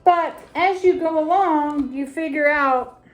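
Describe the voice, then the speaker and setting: A middle-aged woman with a high voice walks through a craft tutorial at an unhurried pace. She talks casually and deliberately, repeating phrases as she holds up ribbons and ornaments. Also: soft background music. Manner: slow, deliberate, repeats phrases while showing items. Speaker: crafting vlogger.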